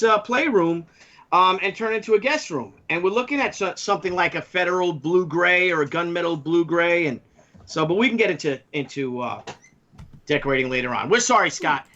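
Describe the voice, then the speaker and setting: A man's voice: animated, brisk, bright, forceful tone. A man co-hosting a comics podcast over a video call, with theatrical, grandiose introductions. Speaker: co-host. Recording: muffled low-fidelity audio.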